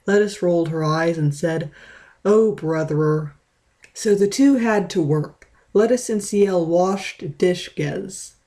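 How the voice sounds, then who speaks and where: A woman reading a fan story aloud in a deadpan manner. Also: medium pitch. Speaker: reader.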